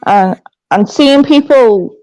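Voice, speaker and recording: A woman with a Scouse accent hosting a livestream, chatting casually, blunt and sweary with a quick laugh. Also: on the high side, warm tone, rough recording. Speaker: livestream host. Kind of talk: casual chat.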